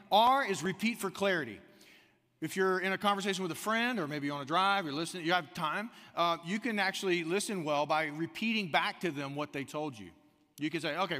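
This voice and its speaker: Man preaching in a reverberant hall. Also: fairly high pitch. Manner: animated storytelling, acts out quoted lines. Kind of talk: sermon. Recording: long reverb of a large hall.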